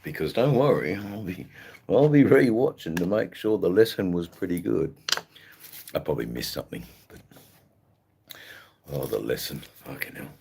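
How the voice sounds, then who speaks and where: A man's voice: low voice, big pitch swings, normal speed, gravelly, pauses often, warm tone, slight background noise. An Australian man hosting a livestream in casual chat, rambling and hesitant, swearing freely. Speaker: livestream host.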